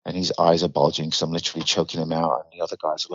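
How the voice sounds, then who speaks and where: Deep-voiced British man telling blunt stories. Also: quick pace, a bit bright, slightly rough, dry recording. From United Kingdom. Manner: vivid blunt storyteller, swears freely, acts out quoted lines. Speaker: guest. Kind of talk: candid storytelling in a podcast interview. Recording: slightly dull dry recording.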